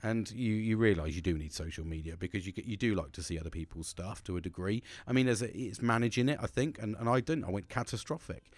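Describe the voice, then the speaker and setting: A man talking candidly to camera in a halting, profane monologue with many restarts. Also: on the low side, no room sound. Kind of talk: casual confessional monologue.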